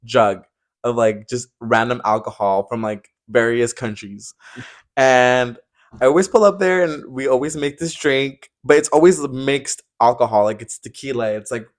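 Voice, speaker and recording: A man's voice: mid-range voice, normal speed. Laid-back young man, casual chat. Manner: laid-back, laughs along, trailing "like" fillers. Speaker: podcast co-host.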